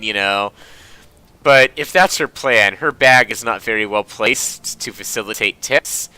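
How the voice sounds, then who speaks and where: A man's voice: on the low side, sharp tone, smooth. A man casually commenting on his video game playthrough, making wry, chatty asides. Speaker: let's play host.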